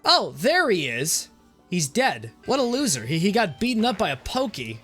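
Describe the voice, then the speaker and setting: A young man streaming a game with jokey, rambling commentary, often stammering and jumping into loud outbursts. His voice sits a little high for a man. Game music plays softly behind. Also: huge pitch swings, moderate pace, husky. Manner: jokey, stammering, swings into shouts.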